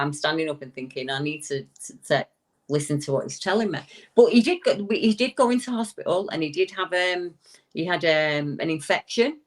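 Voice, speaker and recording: Woman telling a ghost story. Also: low voice. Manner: lively and emphatic, with frequent restarts. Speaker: guest paranormal investigator. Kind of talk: animated storytelling in an interview.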